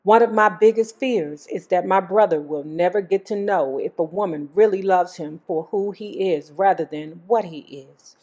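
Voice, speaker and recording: A woman's voice: fairly low pitch, moderate pace, hardly any pauses, warm tone. A woman host reading a memoir aloud, breaking off for blunt, joking commentary. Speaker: YouTube host.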